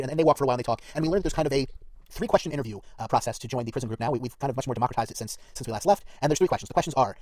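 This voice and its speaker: A man on a podcast giving a rapid, detailed recap of a TV episode in a casual chatty way. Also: mid-range voice, a little mellow, no echo. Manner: rapid, detailed retelling with fillers.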